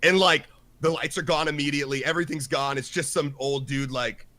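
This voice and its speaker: A man co-hosting a casual podcast chat, animated and acting out quotes in his story. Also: on the high side, brisk, no echo. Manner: animated, acts out quotes with lively swings. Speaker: podcast co-host.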